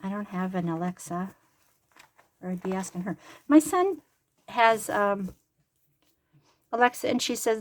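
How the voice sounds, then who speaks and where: The speaker is an older grandmother and crafting vlogger, casually rambling as she sews at home and joking at her own expense. Her medium-pitched voice is unhurried, broken by long pauses.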